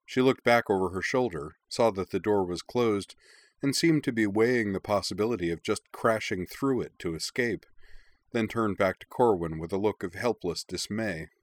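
A man narrating a story in a measured, expressive reading. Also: fairly low pitch, dry recording. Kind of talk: audiobook narration of fan fiction.

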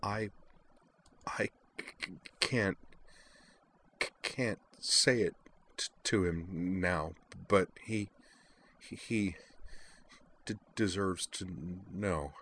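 Storybook: a shy, stuttering young woman, voiced by a man, small and hushed. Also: low-pitched, extremely slow, long pauses, a little hiss or hum, full character voice. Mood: miserable. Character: frightened, miserable stammering young woman.

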